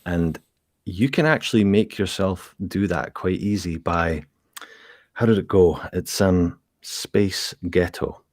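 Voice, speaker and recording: A man's voice: sits low, measured pace, a little mellow, no echo, studio quality. A man with a Scottish accent, a guest ASMR creator chatting casually and explaining things with examples. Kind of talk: casual chat.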